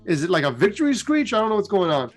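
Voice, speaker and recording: A man's voice: sits high, big pitch swings, fast, soft background music. A man voicing a baffled young male mage firing off confused questions.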